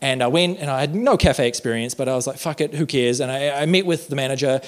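A man's voice: mid-range voice, fast talker. A young man telling a rambling, self-deprecating, sweary story on stage, with lots of fillers. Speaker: stand-up comedian. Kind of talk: stand-up storytelling. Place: comedy venue with audience. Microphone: handheld microphone.

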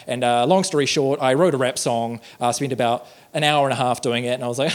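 A man's voice: mid-range voice, fast talker, hardly any pauses. A young man telling a rambling, self-deprecating, sweary story on stage, with lots of fillers. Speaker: stand-up comedian. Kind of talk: stand-up storytelling. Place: comedy venue with audience. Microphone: handheld microphone.

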